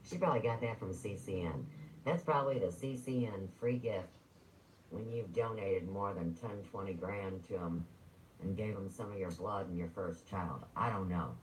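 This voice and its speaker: Deep-voiced man in a profane rant. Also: moderate pace, slight background noise, poor audio. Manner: profane, rambling, sarcastic. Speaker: livestreamer. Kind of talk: rambling livestream rant.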